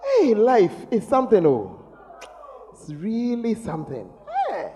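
A middle-aged male pastor preaching a sermon, teasing the congregation with sudden shouts. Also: sits high, wildly swooping pitch, unhurried. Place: large church. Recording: long reverb of a large church hall.

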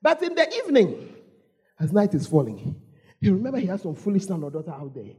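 A woman preacher with a Ghanaian English accent delivers a storytelling sermon. Her husky voice swings widely in pitch as she calls out to the congregation and repeats her points for effect. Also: wildly swooping pitch, a little fast, a little mellow.

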